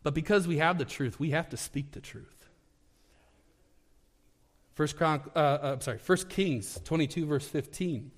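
A man preaching a sermon in a conversational, animated way, acting out the scripture as he reads it. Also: a little high, unhurried, long pauses. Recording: long hall reverb.

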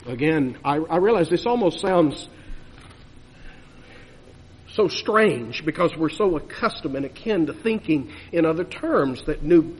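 A man preaching a sermon with emphatic delivery, rising to loud urging and dropping to hushed lows. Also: slight background noise. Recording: long hall reverb.

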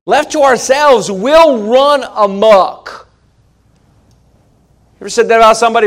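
A man's voice: extremely high pitch, measured pace. A man preaching a sermon in a folksy, emphatic way, asking the congregation rhetorical questions.

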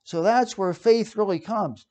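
A man's voice: high-pitched, unhurried. Conversational man preaching a sermon. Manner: conversational, lively, with frequent fillers and restarts.

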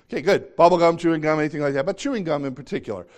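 A man's voice: fairly high pitch, very fast, a little mellow. Conversational man preaching a sermon. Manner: conversational, self-deprecating, asks the congregation questions. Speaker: pastor.

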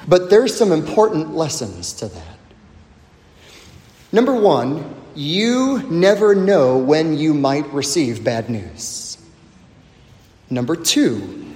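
A male pastor preaching a sermon, emphatic, with big swings in pitch and loudness. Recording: echoey hall with long reverb.

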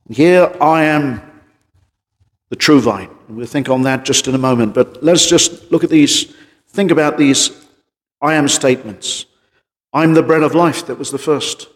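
A man preaching an evening sermon as pastor, emphatic, with drops into a quiet voice. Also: a little high. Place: church. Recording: church hall reverb.

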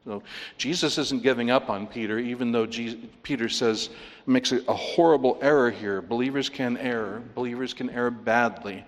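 A man preaching a sermon as a pastor, teaching with wry sarcastic asides and lively emphasis. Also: medium pitch, moderate pace. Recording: long hall reverb.

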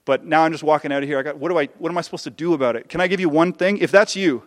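A man preaching a sermon with passion, swinging between loud peaks and hushed lows. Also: very fast, big-room sound. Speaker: pastor.

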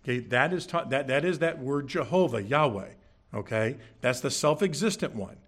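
A man preaching in a church, teaching from scripture with emphatic, animated delivery and frequent check-ins with the congregation. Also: mid-range voice, moderate pace, slightly rough. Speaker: pastor. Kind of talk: sermon. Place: church sanctuary.

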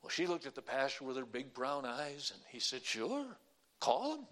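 A male pastor preaching a sermon, telling a folksy story and then preaching slowly and emphatically with deliberate pauses. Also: medium pitch, flat delivery, sharp tone. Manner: folksy anecdotal delivery.

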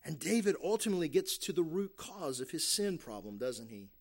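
A man's voice: a little high, sing-song, brisk, vocal fry. A man preaching a sermon as pastor, earnest, restarting phrases and asking "right?" often. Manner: earnest preaching with repeated restarts and tag questions.

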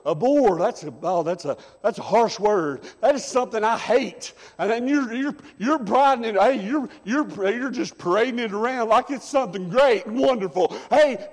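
High-voiced preacher in a reverberant church. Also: male voice, a little mellow. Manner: emphatic preaching with repeated "I'm telling you". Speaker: assistant pastor. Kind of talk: sermon. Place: church sanctuary.

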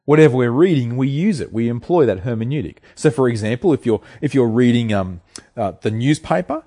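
Man, preacher, sermon, dark relaxed tone, earnest, explanatory, mid-pitched. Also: brisk. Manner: earnest, explanatory, with fillers and restarts.

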